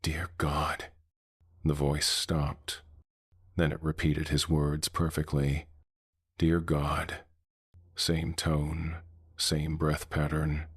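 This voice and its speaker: Male horror narrator, extremely deep, husky, measured and ominous. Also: no echo, clean studio sound. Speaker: horror storyteller.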